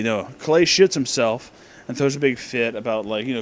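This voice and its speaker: A man's voice: medium pitch, a little fast. A drunk man rambling through a profane, meandering movie commentary, often losing his place, recorded in his office. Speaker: movie reviewer.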